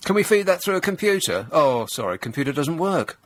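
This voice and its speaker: A middle-aged man, hosting a radio talk show and delivering a sarcastic, deadpan satirical monologue. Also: fairly high pitch, fairly quick. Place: radio studio. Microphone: close studio microphone.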